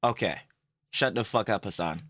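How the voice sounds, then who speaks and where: A man's voice: fairly low pitch, moderate pace, background noise. A man hosting a reaction channel, mocking and swearing freely as he rants through casual commentary. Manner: blunt, mocking, swears constantly, rants loudly.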